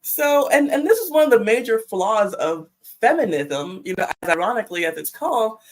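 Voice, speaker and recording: A woman speaking as a panel guest in casual chat, talkative and lively. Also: a little high, a little fast, over a noisy crowd. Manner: chatty, acts out quotes, laughs.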